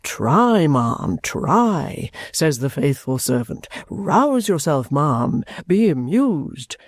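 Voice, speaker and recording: A man's voice: on the high side, big pitch swings, no room sound, studio quality, heavily acted. A man voicing a pompous theatrical actor who drawls his words grandly. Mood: showy. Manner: slow, drawn-out, grandly theatrical.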